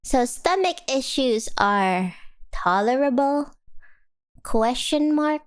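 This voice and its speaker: A woman's voice: sits high, expressive, takes it slowly, clean tone. A young woman streamer chatting casually with her viewers, reading their messages aloud, giggling often and rambling between topics. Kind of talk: casual chat with live viewers.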